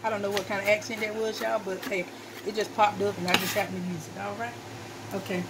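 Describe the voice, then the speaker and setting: A woman with a mid-range voice talks fast and flatly as she chops vegetables in her home kitchen. Folksy and talkative, this cooking vlogger chats casually to her viewers. Heavy noise from loud knife chopping and kitchen clatter runs throughout.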